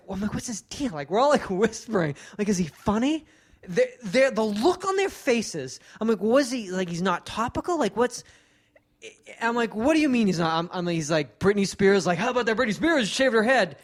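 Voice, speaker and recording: A man's voice: high voice, fairly bright tone. A man in his thirties, a podcast co-host rambling through a funny story and doing the voices of the people he quotes. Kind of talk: casual storytelling chat.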